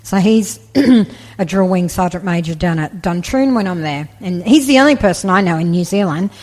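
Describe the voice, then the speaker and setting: An Australian woman in her forties, an army veteran, telling stories in a casual, animated way during an interview. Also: on the low side, normal speed. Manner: chatty, animated storyteller, laughs easily. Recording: roomy with long reverb.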